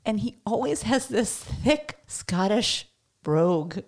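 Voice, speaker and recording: A woman co-hosting a casual movie podcast, chatty and animated, sharing trivia and opinions. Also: mid-range voice, slow. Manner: chatty, animated, laughs often. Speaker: podcast co-host.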